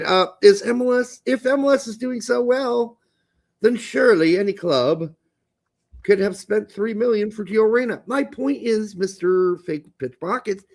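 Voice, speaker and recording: A man with a notably high voice co-hosts a soccer podcast. He talks bluntly and casually, tossing in swearing and jokey asides. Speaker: podcast co-host.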